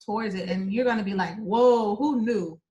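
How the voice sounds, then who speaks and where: A woman's voice: medium pitch, moderate pace, highs cut off, over a noisy crowd. A woman speaking in an upbeat, affirming way in a casual group chat.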